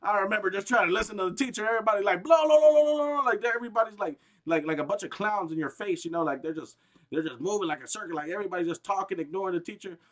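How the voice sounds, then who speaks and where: Fast-talking high-voiced man ranting. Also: pushed and bright. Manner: profane, repetitive, restarts often; agitated, emphatic outbursts. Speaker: gaming streamer. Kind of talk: heated rambling rant on a livestream.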